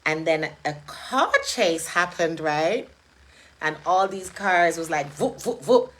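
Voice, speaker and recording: A middle-aged woman, hosting and talking casually in a chatty, animated way, laughing often. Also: low voice, takes it slowly, rough recording. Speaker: event host. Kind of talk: casual monologue.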